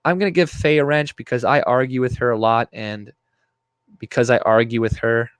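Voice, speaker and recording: A man's voice: mid-range voice, fairly even intonation, normal speed, clean tone, no room sound. A young man hosting a live stream, ranting profanely and reading his chat aloud. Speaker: livestream host. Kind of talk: casual live-stream commentary.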